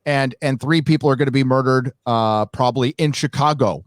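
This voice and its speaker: Emphatic, swearing podcast host, mid-pitched man. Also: fairly quick, no echo, clean studio sound. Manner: emphatic, profane. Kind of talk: casual podcast chat.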